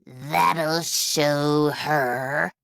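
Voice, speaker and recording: A gloating, cruel old witch from a children's storybook, put on by a woman narrator. She cackles with spite in a somewhat lowered, altered voice. The recording is dry and close. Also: fairly even intonation, very slow, gravelly, a bit bright, dry recording, heavily acted.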